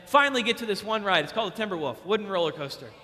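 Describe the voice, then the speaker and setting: A young man preaching a sermon to youth, emphatic and repetitive, acting out stories with sudden loud excitement. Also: high-pitched, rapid-fire. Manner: emphatic, repeats key lines. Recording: long hall reverb.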